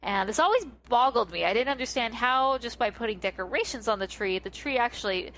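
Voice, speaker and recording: A woman's voice: on the high side, animated, brisk, a bit bright, slight background noise. Chatty woman podcast co-host. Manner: chatty and reflective, frequent fillers. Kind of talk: casual podcast chat.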